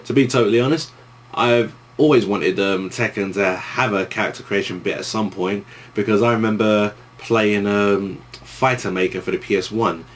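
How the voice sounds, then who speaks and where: Deep-voiced East London man rambling. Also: steady tone, normal speed, a little hiss or hum. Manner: rambling, with many restarts and fillers. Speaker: YouTuber answering viewer questions. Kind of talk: casual Q and A vlog.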